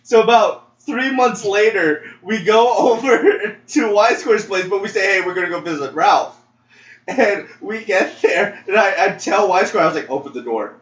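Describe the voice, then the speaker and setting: A young man co-hosts a podcast, casually telling a story, acting out quotes and laughing often. His voice sits high with a fairly bright tone, and he speaks at a normal speed. The lo-fi mic sounds dull, distant and roomy, with faint noise.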